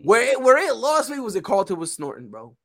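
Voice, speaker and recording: Young male podcast co-host, lively pitch, animated storyteller. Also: fairly quick, vocal fry, a crowd in the background. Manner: animated storyteller, acts out dialogue. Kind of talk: casual chat.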